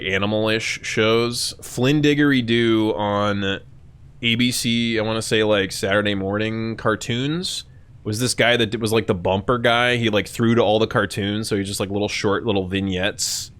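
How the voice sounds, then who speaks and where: A young man hosting a live stream, chatting casually with his chat in a profane, animated way and often jumping into shrill mock voices. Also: moderate pace, clean tone.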